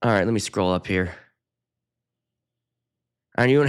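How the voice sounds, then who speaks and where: Profane, animated ranting man. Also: mid-range voice, moderate pace, pauses often. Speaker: wedding DJ and show host. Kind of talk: casual ranting livestream chat.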